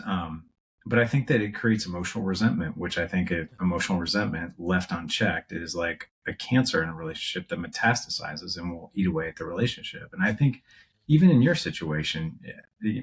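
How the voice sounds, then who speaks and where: Deep-voiced man, reflective podcast host. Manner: reflective, earnest, explains at length. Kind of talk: interview conversation.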